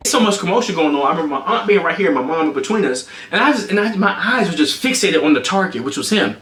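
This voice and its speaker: On a livestream, a young man with a high voice talks fast, the sound reverberant around him. Full of energy, he tells a story and brings it to life with sound effects.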